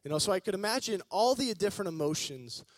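A male preacher giving an energetic, joking sermon and calling on the congregation to respond. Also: high-pitched, fast, no echo. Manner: energetic, joking, calls on the audience.

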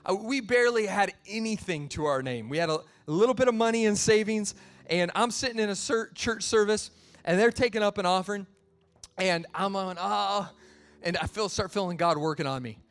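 A man's voice: sits high, fairly quick. A male pastor preaching a sermon in a conversational storytelling way, laughing at himself as he tells family stories.

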